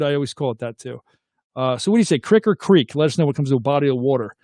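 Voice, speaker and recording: A man's voice: a little high, animated, quick pace, darkish tone, dry recording, clean studio sound. A middle-aged man, hosting a casual livestream, reading viewer comments aloud and asking viewers to weigh in. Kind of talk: casual live chat.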